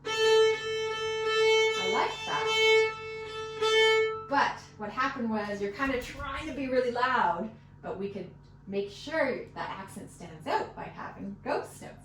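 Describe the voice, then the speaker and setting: Slow and sing-song, with long pauses, her high-leaning voice guides a student through a fiddle lesson as she counts beats and offers patient encouragement. Loud fiddle music plays behind her, and the distant mic picks up an echoey room.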